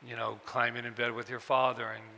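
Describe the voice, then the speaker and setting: Gravelly, bright-voiced man in a hall. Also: medium pitch, level tone. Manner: halting, repeats words, acts out quoted voices. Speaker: author at a book event. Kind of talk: personal storytelling to an audience. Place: event hall with audience. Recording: long hall reverb.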